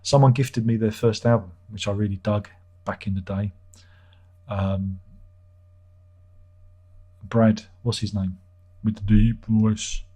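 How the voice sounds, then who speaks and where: Middle-aged male streamer, husky and irreverent, chatty comment-reading host. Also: on the low side, steady tone, slow pace, pauses often, mellow. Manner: irreverent, joking, swears freely. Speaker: livestream host. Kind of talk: casual livestream chat reading viewer comments.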